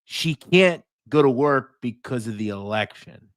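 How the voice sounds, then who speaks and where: US male podcast host, blunt and mocking, lively swinging pitch, dry close sound. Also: unhurried, no echo. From United States. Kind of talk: casual livestream chat.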